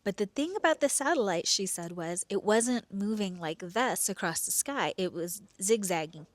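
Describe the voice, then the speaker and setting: A woman hosting and telling her own true story, expressive, dropping into hushed whispers and swinging between slow and quick delivery. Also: medium pitch, dry recording. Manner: pace swings between slow drawn-out and rushed. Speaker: podcast host telling a personal story. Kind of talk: first-person storytelling.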